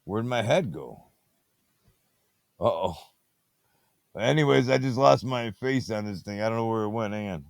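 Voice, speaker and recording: A man's voice: on the low side, lively intonation, normal speed, vocal fry, long pauses, no room sound. A man hosting a late-night movie review show, talking in a meandering way, repeating catchphrases and getting sidetracked. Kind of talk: rambling casual monologue. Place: home at night, fiddling with a tablet.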